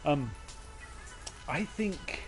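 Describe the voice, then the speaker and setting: A man's voice: on the high side, animated, drawn-out words, music in the background. A man streaming a game from his desk at home, rambling playfully and laughing often. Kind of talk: casual let's-play commentary. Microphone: desk mic on a stand.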